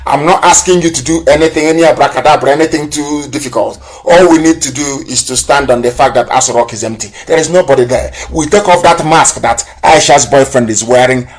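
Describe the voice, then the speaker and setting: A man from Nigeria delivers a live political broadcast with a slightly raised pitch. His oratory is impassioned and scornful, and he hammers points home through repetition. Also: fairly quick, few pauses. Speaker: broadcast host.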